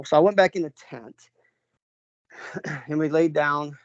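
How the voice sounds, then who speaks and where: A man from New York telling a personal story in a loose, rambling way, full of fillers and restarts, often clearing his throat. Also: fairly high pitch, slow pace, dry recording. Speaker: interviewee, father recounting an encounter. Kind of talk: casual spoken storytelling. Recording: dull lo-fi recording.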